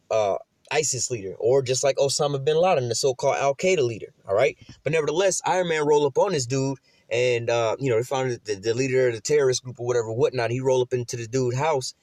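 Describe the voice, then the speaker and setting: A man preaching informally on scripture and prophecy, talking quickly in a loose, profane, conversational way. His voice sits at an ordinary pitch and sounds dry and close, with no room echo. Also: a little mellow. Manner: profane, conversational, keeps asking "you know?". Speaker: religious teacher.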